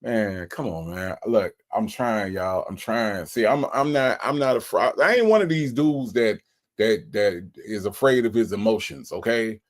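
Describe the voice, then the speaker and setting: A man's voice: lowish voice, a little slow. A man hosts a casual livestream. He sounds emotional and keeps repeating his thanks. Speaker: livestream host. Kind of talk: casual livestream shout-outs.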